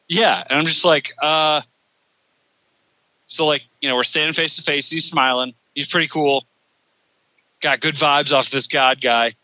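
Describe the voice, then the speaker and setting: A man with a raised, forceful voice tells a story in loose podcast talk. He rambles, swears freely and piles up fillers as he goes, heard in a dry, close sound. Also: a little high, fairly even intonation, unhurried, pauses often, no room sound, poor audio. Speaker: podcast host. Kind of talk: casual podcast chat.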